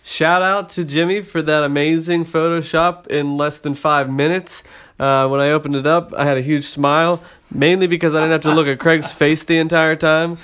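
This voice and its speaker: A man's voice: on the high side, little pitch movement, moderate pace, fairly bright tone, clean tone. A man co-hosting a podcast in casual chat, laid-back, reacting briefly and laughing often. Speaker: podcast co-host.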